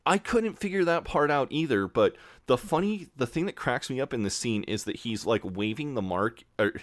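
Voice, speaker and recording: A man's voice: mid-range voice, lively intonation, moderate pace, no echo, clean studio sound. A man co-hosting a podcast, chatting casually, swearing freely and acting out characters' lines. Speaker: podcast co-host. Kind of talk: casual chat recapping a show.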